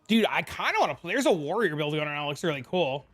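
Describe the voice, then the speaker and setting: A young man streaming a game, chatting casually, excitable and swearing freely as he reads chat aloud. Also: fairly high pitch.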